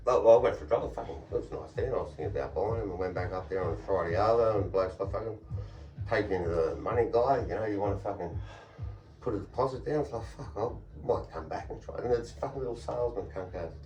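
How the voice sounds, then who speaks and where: A man with an Australian accent tells blunt, sweary stories and laughs often. His voice sits on the low side. It sounds echoey and a little far from the mic, as if recorded across a room. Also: fast talker, darkish tone, highs cut off. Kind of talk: casual storytelling chat. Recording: echoey room, voice picked up from a distance.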